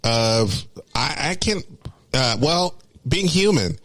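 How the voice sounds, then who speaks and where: A man's voice: on the high side, expressive, slow, a bit bright. A man in a casual chat who mostly listens with murmured agreement and then adds his own thoughts. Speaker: podcast co-host.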